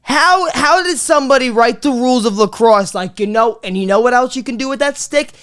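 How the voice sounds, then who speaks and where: New podcast comic, smooth clear voice, rambling profane rant. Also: mid-range voice, a little fast. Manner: profane, rambling, swings between loud bits and muttered asides. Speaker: comedy podcast host. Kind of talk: comedic rant.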